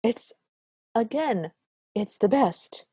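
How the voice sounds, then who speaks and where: A woman's voice: on the high side, takes it slowly, husky, dry recording. Chatty woman podcast co-host, dry sound. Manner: animated, opinionated storytelling. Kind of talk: casual chat recapping a film.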